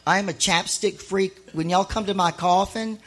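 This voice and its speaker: A middle-aged woman and author telling stories live on stage to an audience, chatty and animated, with laughing asides. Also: medium pitch, moderate pace, noisy background. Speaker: author and honorary mayor addressing an audience.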